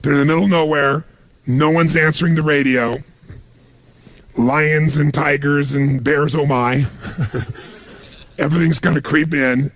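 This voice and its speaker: Gravelly, raspy high-pitched man. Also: a little slow, long pauses, dry recording. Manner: animated storytelling, punchy emphasis. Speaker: motivational speaker. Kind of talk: motivational seminar talk to a live audience.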